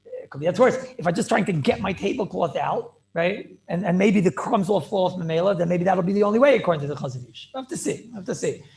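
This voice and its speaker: A rabbi teaching a Talmudic class over a video call, repeating phrases and checking in with "right?" and "clear?". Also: male voice, high-pitched, animated, fast talker, darkish tone.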